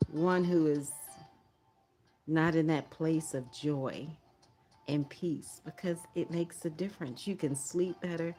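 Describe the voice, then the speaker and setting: A woman's voice: fairly low pitch, mellow. A woman hosting a livestream prayer watch, chatting casually, laughing often and reading viewer comments aloud.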